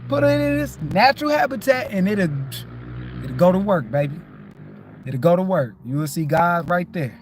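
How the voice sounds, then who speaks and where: A man on a livestream talking in a casual spiritual monologue, profane and animated, often checking that listeners follow. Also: high voice, moderate pace, slight background noise. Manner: animated, profane, keeps asking "you know what I'm saying".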